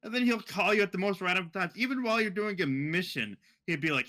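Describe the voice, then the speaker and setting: Bright-voiced young man chatting. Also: on the high side, brisk, hardly any pauses. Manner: laughing, swearing freely. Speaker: podcast co-host. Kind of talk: casual gaming chat.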